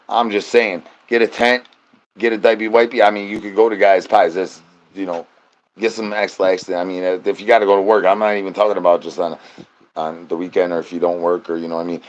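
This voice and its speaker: Over dull-sounding audio, a deep-voiced man streams live, drifting through rambling chat full of silly slang and sing-song nonsense rhymes.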